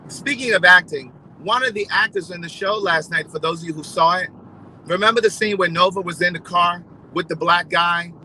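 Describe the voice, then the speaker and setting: A man chatting casually to his viewers, telling stories in a gossipy, animated way. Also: high voice, moderate pace, slight background noise, low-quality recording. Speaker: vlogger. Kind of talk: casual storytelling chat.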